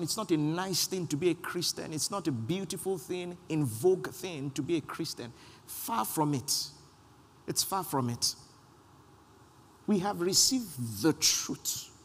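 A man's voice: a little high, breathy edge, big-room sound. A man preaching a sermon as pastor, calling on the congregation to repeat lines after him and repeating his points for emphasis. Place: church sanctuary.

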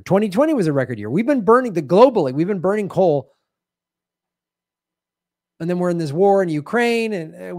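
A man's voice: high voice, dry recording, studio quality. Indignant man ranting political commentary. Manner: indignant, sarcastic, swings between loud and muttered. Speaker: show host.

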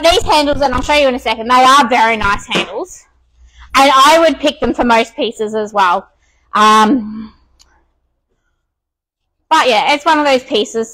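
A woman's voice: sits high, fairly bright tone, poor audio. A woman with an Australian accent, out of breath, chatting casually with many ums while restoring furniture on a live stream.

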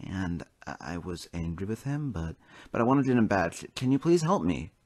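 A man's voice: low-pitched, big pitch swings, moderate pace, darkish tone, no echo. A man voicing a scheming engine in a toy train story who stammers and pleads, now sorry for his deeds. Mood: confessing.

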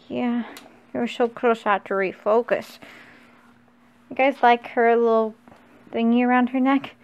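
High-voiced young woman chatting to her camera. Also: fairly even intonation, unhurried, pauses often, clean tone, muffled recording. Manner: chatty, coos in baby talk to her pets. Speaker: vlogger. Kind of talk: casual handheld vlog chat.

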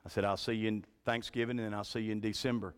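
A man preaching a revival sermon in a church, telling folksy stories and swinging from shouts to a hushed voice. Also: fairly low pitch, flat delivery, racing, smooth. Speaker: pastor. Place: church sanctuary.

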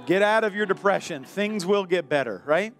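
A male pastor preaching a sermon in a church, animated, acting out the voices of the people in his story. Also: high voice, moderate pace. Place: church sanctuary.

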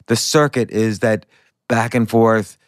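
A man's voice: mid-range voice, steady tone, slow, no echo, clean studio sound. A middle-aged man hosting a podcast, telling a story in a rambling, self-correcting way. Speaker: podcast host. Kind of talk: casual conversational interview.

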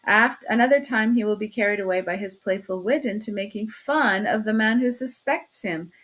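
A woman reads a classic novel aloud at a medium pitch. She leans into some phrases and pulls back on others, so the emphasis keeps shifting mid-sentence. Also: moderate pace, a bit bright. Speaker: audiobook reader.

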